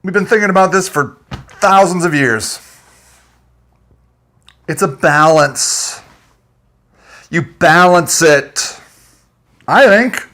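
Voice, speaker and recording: A man rants with agitation and plenty of swearing, chuckling between his points. His voice sits high and leaps around in pitch as he goes. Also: animated, slow pace, long pauses, sharp tone. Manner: profane, agitated, laughing between lines. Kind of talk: unscripted ranting monologue.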